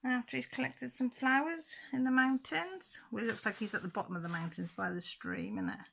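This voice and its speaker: A chatty woman talks viewers through a book flip-through, chuckling as she goes. Her voice is bright and forward with a gravelly rasp at the edges. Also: on the high side, lively intonation, fairly quick. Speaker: channel host.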